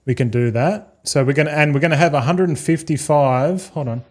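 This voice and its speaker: An Australian game streamer with a fairly high voice chats briskly and loosely with his live-stream viewers. He swears freely, calls everyone "mate" and "boys", and rambles from one thought to the next.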